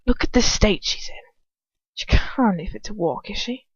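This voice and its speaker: A woman's voice: medium pitch, lively intonation, normal speed, slightly rough, no room sound, highs cut off. A woman voicing a cold, disdainful aristocratic man with a hissing, drawling English accent. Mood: contemptuous.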